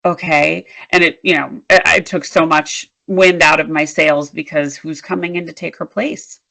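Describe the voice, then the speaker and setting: A woman interview guest, a leadership strategist, telling work stories in an animated, emphatic way. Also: low voice, normal speed, gravelly. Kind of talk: storytelling in a conversational interview.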